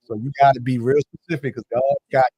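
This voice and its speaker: A man's voice: mid-range voice, fairly even intonation, quick pace, husky, dry recording, highs cut off. A man, a guest on a casual chat show, talking laid-back and chuckling easily.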